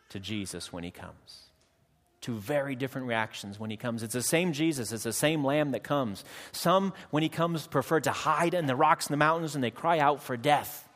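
A man delivers a sermon to his congregation, his voice sitting in a middle pitch. He works the room dramatically, slowing down and pulling his volume up and down, and acts out quick little exchanges with the listeners. A long reverb from the church hall hangs on every line. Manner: dramatic, varies loudness and slows for emphasis. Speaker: preacher.

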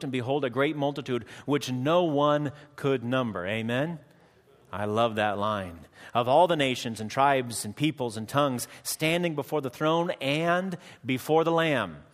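A man delivers a sermon to his congregation, his voice sitting in a middle pitch. He works the room dramatically, slowing down and pulling his volume up and down, and acts out quick little exchanges with the listeners. A long reverb from the church hall hangs on every line. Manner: dramatic, varies loudness and slows for emphasis. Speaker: preacher.

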